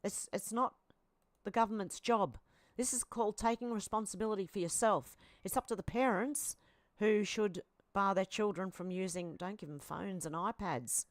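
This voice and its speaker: An Australian woman hosting a chatty live stream, reading out posts and viewer comments. She talks at a mid pitch and adds quick asides between items. The sound is dry and close, with little room. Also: no echo. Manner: chatty, reacts aloud, with asides and fillers.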